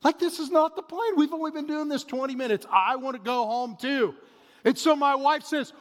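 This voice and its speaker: A man in his forties preaching a sermon, telling a family story in an animated way that swings between loud bursts and hushed asides. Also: extremely high pitch, normal speed. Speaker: pastor. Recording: reverberant hall.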